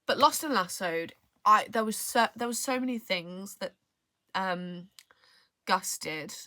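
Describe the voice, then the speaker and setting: A woman's voice: mid-range voice, expressive, unhurried, sharp tone, dry recording. A young woman vlogging about books in casual chat, rambling, often trailing off and restarting her sentences. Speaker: book vlogger. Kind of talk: casual book review chat.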